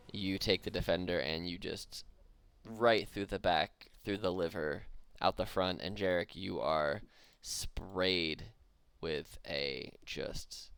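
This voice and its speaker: A man's voice: sits low, creaky, sharp tone, clean tone, no echo. A young man narrating as dungeon master in a laid-back way, with vivid combat descriptions. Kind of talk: narrating a tabletop game.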